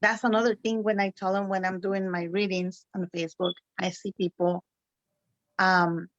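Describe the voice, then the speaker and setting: A woman's voice: medium pitch, little pitch movement, moderate pace, dry recording. A woman whose first language is Spanish, a guest spiritual reader who talks with feeling and laughs often. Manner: emotional, laughs often, non-native phrasing. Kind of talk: conversational interview. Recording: dry, muffled call audio.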